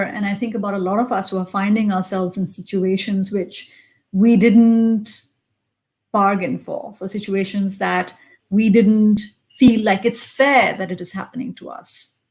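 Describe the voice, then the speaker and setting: Woman, executive coach, motivational talk; expressive conversational delivery, mid-range voice, frequent pauses. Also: mid-range voice, rough recording. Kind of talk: motivational self-help talk.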